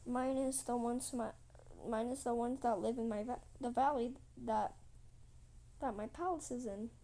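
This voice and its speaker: A woman's voice: a little high, fairly even intonation, moderate pace, warm tone, close to an everyday voice. A woman voicing a suspicious, commanding dragon queen in a told story. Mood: questioning. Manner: demanding, questioning.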